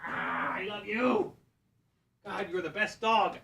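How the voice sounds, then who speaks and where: A man chatting casually while flying a drone on a live stream, excitable, laughing and swearing, talking to his dog. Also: high-pitched, slow, vocal fry, husky. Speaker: FPV drone pilot and streamer.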